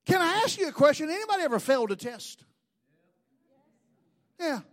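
Man, pastor, fifties, very high voice, animated sermon. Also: normal speed. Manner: animated preaching with rhetorical questions.

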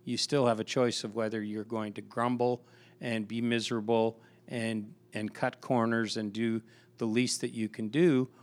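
This pastor's mid-range voice shows little pitch movement and moves at normal speed. In a casual podcast conversation he tells a work story full of restarts and repeated words.

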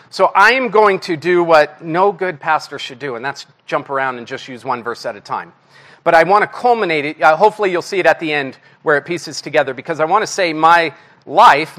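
A man giving a conversational sermon to a church congregation, candid and self-deprecating, with animated swings in his delivery. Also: on the high side. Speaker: guest preacher.

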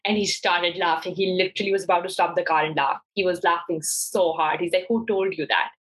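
Young woman telling a lively story. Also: on the low side, fairly quick, rough recording. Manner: animated, laughs often, acts out quoted voices. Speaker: guest. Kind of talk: casual conversational storytelling.

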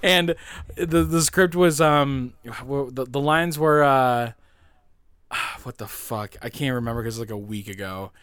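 A young man in his twenties talks casually as a podcast co-host, rambling through stories with filler words and easy laughter. His voice sits at a middle pitch. The sound is close and dry. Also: a little slow, fairly bright tone, smooth, dry recording. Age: 20s.

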